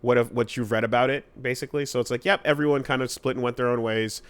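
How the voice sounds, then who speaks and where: A man hosting a casual podcast chat, rambling with fillers and swearing, his voice jumping high when exasperated. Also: fairly even intonation, fast talker, smooth. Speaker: podcast host.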